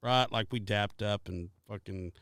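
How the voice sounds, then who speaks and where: A man's voice: lowish voice, measured pace, smooth, no echo, clean studio sound. A man telling a story on a podcast, swearing freely and acting out what everyone said. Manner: profane, animated storyteller acting out quotes. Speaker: podcast co-host. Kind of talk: casual storytelling.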